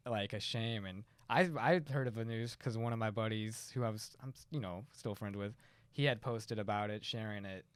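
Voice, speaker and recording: A man co-hosting a podcast, chatting casually in a soft-spoken, hesitant way. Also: on the low side, normal speed, smooth, no echo.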